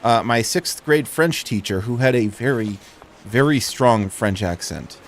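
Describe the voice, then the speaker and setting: A man's voice: mid-range voice, lively intonation, measured pace, slight background noise. Chatty American man playing a game. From United States. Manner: chatty, self-deprecating asides. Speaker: let's play host. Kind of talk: casual gameplay commentary. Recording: faint game music behind.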